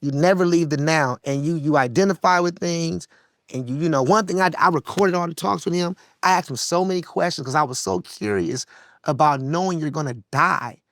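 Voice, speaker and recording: A man from Los with a gravelly voice, telling a personal story bluntly and candidly in an interview. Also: on the high side, fairly quick, fairly bright tone, dry recording, clean studio sound. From Los Angeles, USA. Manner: blunt, profane, heartfelt, slips into voices when quoting. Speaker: guest musician and producer.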